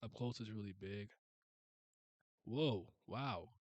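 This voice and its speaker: A man giving casual reaction commentary as a video host, excitable and often laughing and swearing. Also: fairly low pitch, takes it slowly, no room sound, dull audio.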